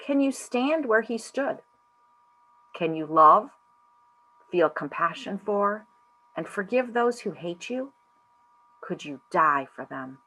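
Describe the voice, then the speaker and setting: Woman doing a soft divine director voice, coaxing questions, slow and bright. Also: fairly high pitch, sing-song, voice pushed up, heavily acted, poor audio. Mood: searching. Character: gentle unseen divine director casting a play.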